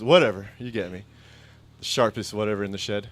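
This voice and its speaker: A man's voice: fairly low pitch, fairly quick. Rambling self-mocking stand-up comic man. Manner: rambling, self-mocking storytelling with jumpy voiced impressions. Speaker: stand-up comedian. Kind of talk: stand-up comedy set. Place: stage before a live audience.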